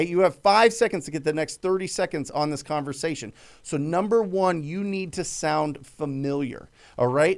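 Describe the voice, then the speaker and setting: With a slightly high voice and vocal fry, this middle-aged live-show host coaches viewers on cold calling for real estate. His energetic delivery leans on emphatic repetition, and he role-plays example calls.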